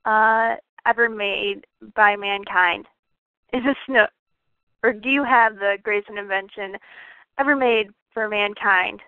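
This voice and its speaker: A woman's voice: mid-range voice, steady tone, measured pace, clear, resonant tone, no room sound. A woman with a Michigan accent interviewing a guest, giggling as she reads out viewer questions over a call. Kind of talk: casual online interview. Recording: dry tinny phone-like call audio.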